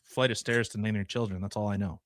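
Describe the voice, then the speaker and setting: A man's voice: on the low side, steady tone, quick pace, a bit bright, no room sound, studio quality. A man co-hosting a podcast, trading crude jokes and laughing often in casual banter. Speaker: podcast co-host.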